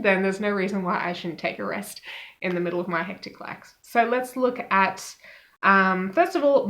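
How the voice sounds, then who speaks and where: A woman giving a casual devotional Bible talk, chatty and relaxed, with many fillers and small laughs. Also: mid-range voice. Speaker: Bible teacher.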